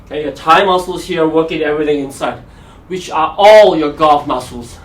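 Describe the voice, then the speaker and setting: In a roomy-sounding space, a man with a voice on the high side and a moderate pace hosts a live golf fitness show. He talks energetically, motivating viewers through exercises in a live-streamed session of workouts and golf tips.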